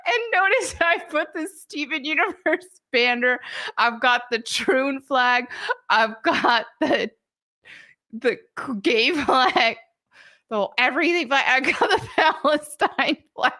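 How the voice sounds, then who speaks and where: A woman's voice: high voice, slow, sharp tone. A woman hosting a live stream in a casual chat, giggling often and mocking what she reads.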